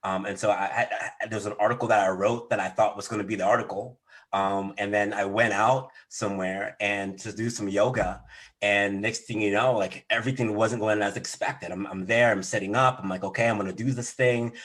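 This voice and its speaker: Soft-spoken husky man, halting. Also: fairly low pitch, steady tone. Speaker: coach and article writer. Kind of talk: casual video-call discussion.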